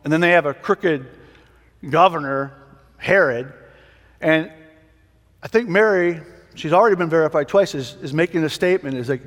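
A man's voice: fairly high pitch, moderate pace, pauses often, fairly bright tone. A man teaching a Bible passage in a casual sermon, conversational and prone to restarts. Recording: long hall reverb.

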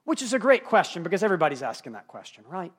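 A male pastor preaching a sermon, swinging between hushed, quiet moments and emphatic, rising passages. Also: high-pitched, sing-song, very fast, breathy edge.

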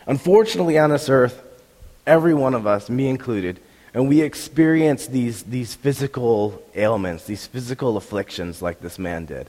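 A young man preaching a sermon with a voice roughened by a sore throat, telling the story animatedly and acting out the crowd's reactions. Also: mid-range voice, lively intonation, normal speed, a little mellow. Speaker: pastor. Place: church hall. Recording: long hall reverb.

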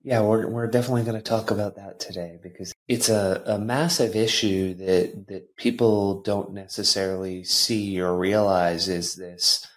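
A middle-aged man hosting an interview, speaking in a measured, thoughtful way. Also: fairly low pitch, steady tone. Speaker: host. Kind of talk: interview conversation.

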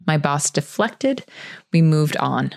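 A woman's voice: sits low, sing-song, slow, creaky, dry recording, clean studio sound. A middle-aged woman hosting a career advice show, telling a story from her own work in a candid, conversational way. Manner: candid, conversational, self-correcting. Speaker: podcast host.

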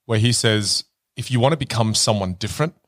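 A man's voice: on the low side, a little fast, a bit bright. A man co-hosting a podcast, listening closely and summing up what his partner says. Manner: attentive listener who sums up ideas. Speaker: podcast co-host. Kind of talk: casual conversational chat.

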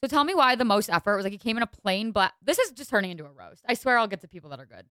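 A young woman hosting a podcast, chatting casually about fashion in an animated, exasperated and gushing way. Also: medium pitch, rapid-fire, clean tone, no room sound. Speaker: podcast host.

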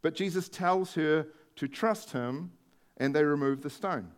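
A man with a high-pitched voice preaches a sermon in a conversational tone. He retells a story and adds emphatic stresses along the way. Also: a little slow.

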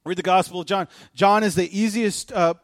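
A man preaching a sermon as pastor, telling stories with animated delivery and joking asides. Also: sits high, brisk, dry recording, studio quality. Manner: animated storytelling, jokey asides.

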